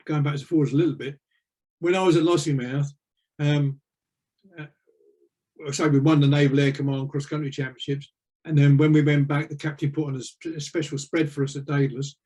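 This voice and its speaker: A man's voice: on the high side, level tone, moderate pace, long pauses, dark tone. An older man, a retired navy veteran, telling rambling anecdotes with lots of fillers in an interview. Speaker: interview guest. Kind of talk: casual storytelling.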